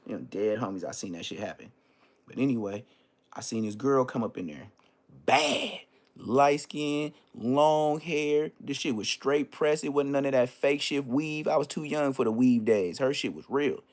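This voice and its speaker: A man hosting his own live stream, telling a story in a loose, profane way and jumping into high-pitched exclamations. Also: animated, normal speed. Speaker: livestream host.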